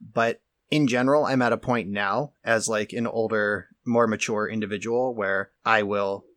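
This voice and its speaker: A man co-hosting a casual talk show who speaks in a lowish voice. He explains things in a measured, lecturing way, with a "like" here and there. The sound is dry and close. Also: steady tone, a bit bright, dry recording. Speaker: podcast co-host.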